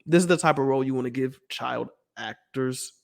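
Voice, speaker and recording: A man's voice: medium pitch, fairly quick, creaky. A man with a Southern American accent co-hosting a casual movie review podcast, rambling, laughing often and acting out scenes. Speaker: podcast co-host.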